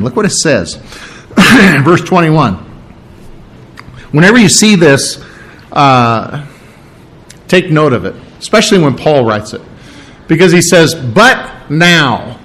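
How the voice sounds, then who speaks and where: Earnest man preaching, slightly high voice. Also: rough recording. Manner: earnest, emphatic, repeats key phrases. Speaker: pastor. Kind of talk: expository sermon.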